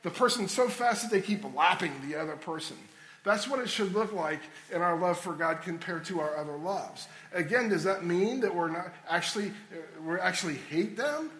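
A man's voice: high voice, normal speed, a bit bright, echoey room, low-quality recording. A man preaching a sermon as a pastor, earnest and conversational, repeating key phrases for emphasis.

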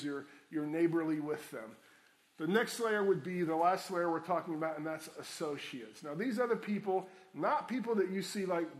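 A middle-aged man preaching a sermon, earnest and repeating key phrases for emphasis. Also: high voice. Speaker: pastor.

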